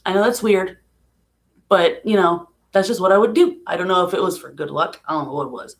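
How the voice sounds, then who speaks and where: Soft-spoken woman vlogging about grief. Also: on the low side, a little fast. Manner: emotional, soft-spoken, laughs through sadness. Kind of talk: casual vlog, talking about grief. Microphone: live stream from home.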